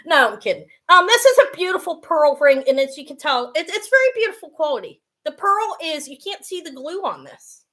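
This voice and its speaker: A middle-aged woman hosting a live jewelry sale, chatty and self-mocking, swearing freely and breaking into loud laughter. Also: sits high, very animated, a little fast, hardly any pauses. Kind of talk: casual live-stream selling.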